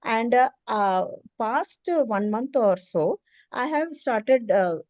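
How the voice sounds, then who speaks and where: A woman's voice: on the high side, animated, slow, darkish tone, dry recording, highs cut off. A middle-aged woman, earnestly telling a personal story on a video call in a hesitant, emotional way. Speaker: meeting participant, preschool teacher.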